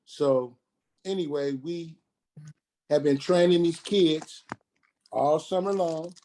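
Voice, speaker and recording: On a radio talk show, a man tells a painful story from his life in a dark voice that sits on the high side, his tone steady. He speaks haltingly, repeating and restarting, and quotes other people in dialogue.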